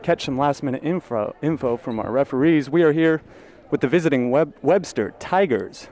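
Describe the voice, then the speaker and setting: Man announcing a high school basketball game. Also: lively intonation, noisy background. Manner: friendly, announces lineups with slow deliberate name reading. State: slightly out of breath. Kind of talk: high school sports broadcast.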